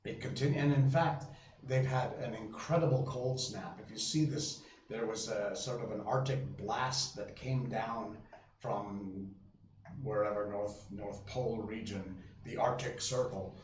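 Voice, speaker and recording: A man's voice: on the low side, steady tone, a little slow, darkish tone. A man hosting a live stream, chatting casually with viewers in a rambling way full of fillers and restarts. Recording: roomy sound, voice from a distance, faint hum.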